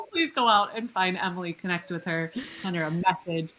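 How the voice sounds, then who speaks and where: Effusive low-voiced woman hosting a podcast. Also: a little fast, a bit bright, slight background noise, poor audio. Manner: effusive and openly emotional, gushing thanks and praise. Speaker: podcast host. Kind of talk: interview conversation.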